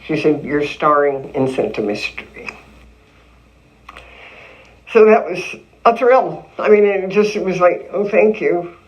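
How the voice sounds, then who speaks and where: An older woman in an interview, telling stories of her early acting career in a lively way, acting out what people said to her. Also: lowish voice, a little slow, pauses often, rough recording. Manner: lively storytelling with acted-out quotes and laughs. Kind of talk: reminiscing interview.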